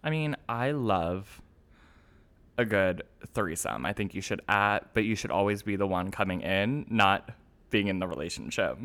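Animated, rambling young man. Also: low-pitched, moderate pace. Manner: animated, rambling, acts out dialogue, laughs often. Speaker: podcast co-host. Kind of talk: casual chat.

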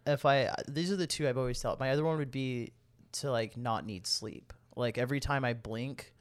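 A man co-hosting a casual chat podcast, telling quick stories and laughing often. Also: mid-range voice. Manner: chatty storyteller, laughs often. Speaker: podcast co-host.

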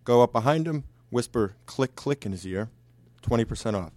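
A man co-hosting a casual sports podcast, with wry, deadpan asides. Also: mid-range voice, a little fast, dry recording. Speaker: podcast co-host.

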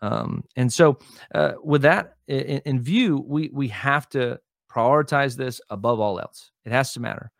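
This man, a lead pastor, has a gravelly, medium-pitched voice captured in a dry, studio-quality recording. As a podcast guest in a casual interview, he teaches emphatically, repeatedly pushing "right?" and "hear me," full of fillers, restarts, and quick asides.

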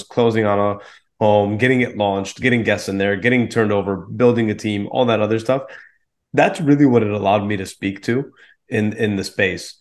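A man, a real estate investor guest on a podcast, explaining his approach confidently with casual fillers. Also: on the low side. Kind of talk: podcast interview.

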